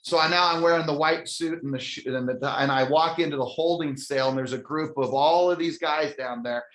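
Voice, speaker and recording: A man's voice: fairly high pitch, brisk, a bit bright. Man telling a funny story in an echoey room. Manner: self-mocking, chatty, with frequent restarts. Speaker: company CEO. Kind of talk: humorous storytelling to a live audience. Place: stage in a large room.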